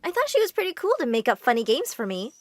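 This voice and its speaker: A woman giving expressive, scripted first-person narration for an animated story. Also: high voice, fast talker, no echo.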